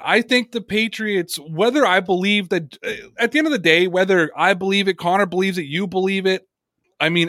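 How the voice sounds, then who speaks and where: Brief: talkative male podcast host, higher-pitched voice, dry close sound, emphatic and chatty. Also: a bit bright, no echo. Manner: emphatic, talkative, reads chat comments aloud. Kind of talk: casual sports talk.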